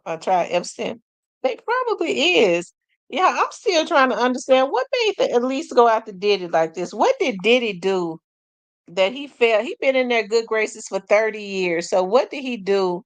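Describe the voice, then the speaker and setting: A woman's voice: mid-range voice, very animated, a little slow, no room sound. Woman, casual stream host, chatty, exclaims a lot, dry close mic. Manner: chatty, exclaims and laughs, talks to viewers. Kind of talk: casual commentary livestream.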